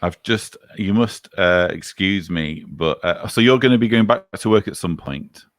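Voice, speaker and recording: A man's voice: deep voice, moderate pace, dry recording. A man from England with a Manchester accent hosting a casual livestream chat with dry, self-mocking humor. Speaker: livestream host.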